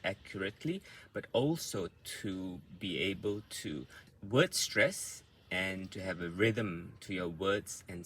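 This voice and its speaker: A man with an Australian accent, an English language coach giving a patient pronunciation lesson and repeating words slowly to show their stress. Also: fairly low pitch, bright, forceful tone, a little hiss or hum.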